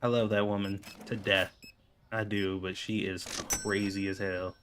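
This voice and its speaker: A man's voice: lowish voice, flat delivery, unhurried, a bit bright, slight background noise. A man telling casual, exasperated stories over gameplay, swearing freely and laughing often. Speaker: gaming video creator.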